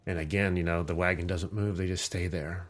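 A man's voice: deep voice, steady tone, brisk, slight background noise. Laid-back man telling a story. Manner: swearing, laughing storyteller. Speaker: podcast host. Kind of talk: casual storytelling chat.

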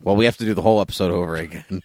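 Low-voiced, laughing podcast host man. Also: racing, mellow, dry recording. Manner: laughs often, teasing and lighthearted. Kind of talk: casual chat.

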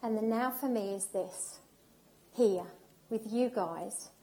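A woman's voice: fairly high pitch, slow, mellow. A woman giving an emotional, heartfelt personal talk at an event, speaking with emphasis and repetition.

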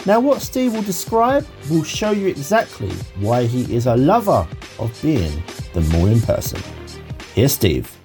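Lively-pitched woman hosting a podcast. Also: unhurried, over music. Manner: polite, grateful, formal. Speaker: podcast host. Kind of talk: scripted podcast introduction.

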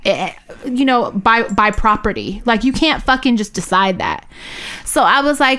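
A woman's voice: mid-range voice, fairly quick. A woman co-hosting a podcast, heatedly retelling a run-in with lots of cursing and quoted back-and-forth. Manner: heated, profane, animated retelling with quoted dialogue. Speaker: podcast co-host. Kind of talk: casual chat, storytelling.

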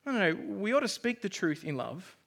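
A man's voice: high-pitched, sing-song, brisk, vocal fry, fairly bright tone. A male pastor preaching a sermon in a conversational, self-deprecating way.

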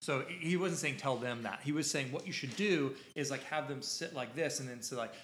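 A man's voice: mid-range voice, fairly quick, a bit bright, slight background noise. A man hosting a podcast, telling a casual story in a rambling, self-interrupting way. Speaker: podcast host. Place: podcast studio. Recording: echoey room.

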